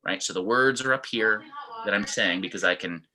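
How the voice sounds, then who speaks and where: A man with a fairly low but bright, forceful voice leads an online fitness class. He explains things step by step and breaks into demonstrations of how the same sentence sounds in different tones. It sounds like he is on a video call. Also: moderate pace, low-quality recording. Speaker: fitness instructor.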